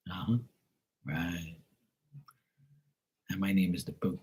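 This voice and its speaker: A man's voice: sits low, level tone, slow, a little mellow, breathy edge. A man hosting a casual live stream and chatting with viewers, speaking bluntly with plenty of profanity and a rambling flow.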